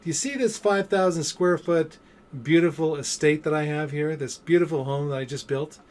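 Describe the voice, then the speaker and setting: Guy doing a smug rich boss bragging about his house, a bit high. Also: normal speed, natural voice. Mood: boasting. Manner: showing off, teasing. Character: boastful wealthy male boss.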